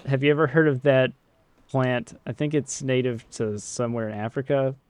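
A man's voice: medium pitch, fairly even intonation, moderate pace, darkish tone, clean tone, no echo. Man narrating as game master, dry sound.

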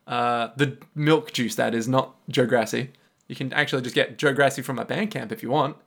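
A man co-hosting a podcast in casual chat, playful and slipping into quick character voices. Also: mid-range voice, fairly even intonation, gravelly, a bit bright, husky. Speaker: podcast co-host.

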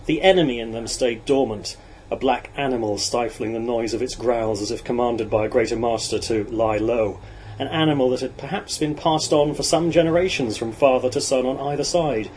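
A man's voice: medium pitch, fairly quick, a little mellow, a little hiss or hum, low-quality recording. Man reading a novel aloud. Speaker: audiobook narrator.

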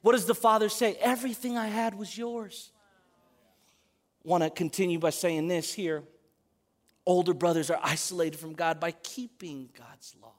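A man preaching a sermon to a congregation, animated, moving between loud emphatic calls and quiet asides. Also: high-pitched, moderate pace. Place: church service in front of a congregation.

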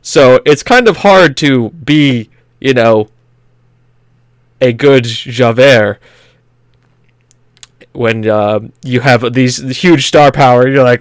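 A man's voice: mid-range voice, slow, pauses often, clear, resonant tone, dry recording. A man co-hosting a gaming podcast in casual chat, rambling and laughing as he talks. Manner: rambling, laughing, puts on silly accents. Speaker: podcast co-host.

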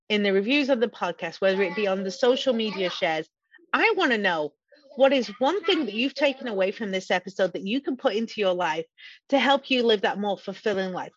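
A woman's voice: mid-range voice, dry recording. A woman hosting a podcast in an upbeat, chatty way, wrapping up with a guest. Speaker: podcast host. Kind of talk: casual podcast chat. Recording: dry, dull lo-fi sound.

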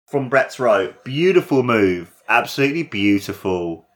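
With a mid-range voice at normal speed, a man narrates a wrestling match in an excitable, casual way. His voice rises sharply at big moves, and occasional swearing slips in.

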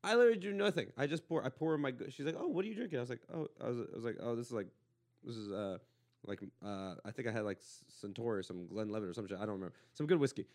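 A man from Los Angeles hosts a casual podcast chat and tells a long rambling anecdote. He talks fast, piles on restarts, and laughs often. His voice sits at a middling pitch. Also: darkish tone. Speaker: podcast host.

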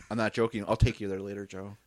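A man's voice: on the low side, little pitch movement, brisk, a little mellow, no echo, studio quality. A man co-hosting a casual movie recap podcast, joking crudely, laughing often and acting out characters. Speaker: podcast co-host.

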